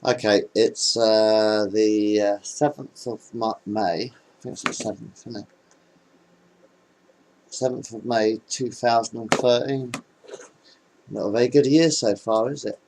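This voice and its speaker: A man casually telling jokes into a webcam in a rambling, hesitant, deadpan way. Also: on the low side, unhurried, long pauses, noisy background. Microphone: webcam microphone.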